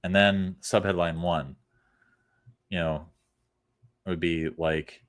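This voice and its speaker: Low-voiced blunt man critiquing copy. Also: fairly even intonation, takes it slowly. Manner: blunt, profane, sarcastic. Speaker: copywriting critic. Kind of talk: casual critique of web copy.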